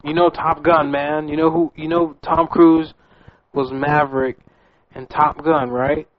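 Male radio host, pushy banter, higher pitch, muffled lo-fi recording. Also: level tone, measured pace. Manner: pushy, keeps tagging "man" onto lines. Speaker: radio show host making prank calls. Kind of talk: casual comedic banter. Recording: dull lo-fi recording with music behind.

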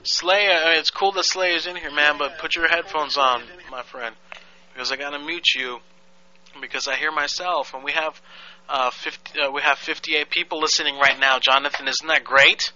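A man's voice: a little high, fairly even intonation, normal speed, pushed and bright, highs cut off. A man hosting a live web call-in show, chatting casually and rambling with fillers and restarts. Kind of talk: casual chat.

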